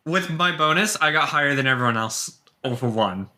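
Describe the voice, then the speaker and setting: A man's voice: on the high side, animated, a little fast, sharp tone. A young man playing a tabletop game in a playful, jokey way. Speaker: player. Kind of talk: casual chat at a tabletop game.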